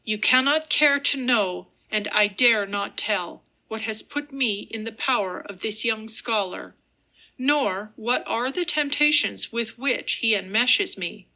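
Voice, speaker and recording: A woman's voice: on the high side, takes it slowly, pushed and bright, heavily acted. A woman reading the part of a tormented young man, speaking earnestly and with passion. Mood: strong. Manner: earnest, impassioned declaring.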